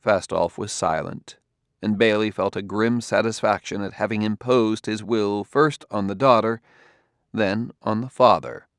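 A male audiobook narrator with a low voice reading in a measured, even way. The recording is dry and close. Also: no room sound. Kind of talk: scripted narration.

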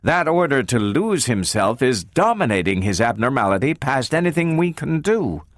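A precise, icy woman scientist from an audiobook, read by a man lifting his voice. Her lines swoop with lively rises and falls, and they bite with cutting insistence. The sound is dry and close. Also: mid-range voice, moderate pace, dry recording, voice pushed up, natural voice. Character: sharp, cold woman robot psychologist. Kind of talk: audiobook character reading.

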